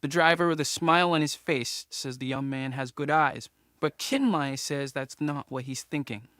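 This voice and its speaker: A man narrating a comic story recap in steady third-person scripted narration. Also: fairly high pitch, normal speed, dry recording, studio quality.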